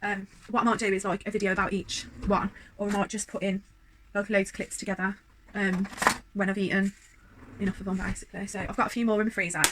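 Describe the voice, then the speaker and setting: A woman's voice: medium pitch, little pitch movement, fast talker, heavy background noise. A young woman vlogging at home, chatting in a rambling, self-deprecating way while reviewing a meal. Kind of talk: casual food review chat.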